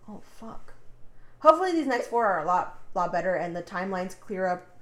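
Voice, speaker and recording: A woman's voice: medium pitch, sing-song, brisk, fairly bright tone. A woman co-hosting a casual podcast, talking expressively, swearing and groaning. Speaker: podcast co-host. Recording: echoey room.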